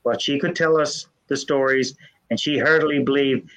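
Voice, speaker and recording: An older man, telling family ghost stories in a folksy, earnest way with halting restarts. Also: mid-range voice, fairly even intonation, a bit bright. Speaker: storyteller guest. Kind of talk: casual storytelling. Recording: dull lo-fi sound.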